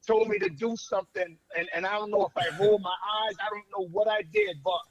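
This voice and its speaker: Man, high voice, slow deliberate storytelling, casual podcast talk. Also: animated, vocal fry, highs cut off, a crowd in the background.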